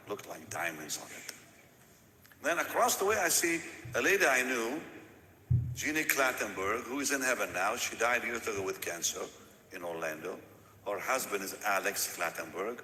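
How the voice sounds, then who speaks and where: Lively, animated preacher man in echoey hall. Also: mid-range voice, a little hiss or hum. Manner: animated storytelling, repeats words, laughs. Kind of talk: sermon storytelling. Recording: echoey hall with long reverb.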